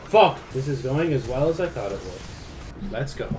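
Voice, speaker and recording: A young man giving sweary gameplay commentary, dropping from low mutters to frustrated yells. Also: expressive, moderate pace, soft background music. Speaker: gaming YouTuber.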